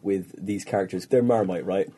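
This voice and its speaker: A man interviewing a comedian, talking fast and rambling with lots of fillers. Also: sits low, mellow, husky. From Ireland. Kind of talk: conversational interview.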